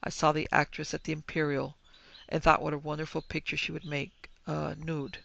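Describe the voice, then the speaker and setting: A man playing a skeptical German businessman who speaks in a stiff, formal way, with a gravelly, fairly high voice. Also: monotone, moderate pace, pushed and bright, lo-fi sound, exaggerated voice. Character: skeptical middle-aged male German businessman.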